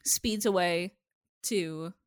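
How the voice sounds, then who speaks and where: A woman's voice: on the low side, very slow, clear, resonant tone, no echo, clean studio sound. A woman hosting a podcast in casual chat, recapping a show animatedly and cursing freely. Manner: animated, swears freely, acts out characters' lines. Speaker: podcast host recapping episodes.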